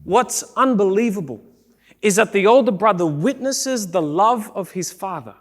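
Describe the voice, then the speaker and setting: A male pastor preaching a sermon in a church, animated, acting out the people he quotes and rising to shouts. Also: sits high, normal speed. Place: church sanctuary.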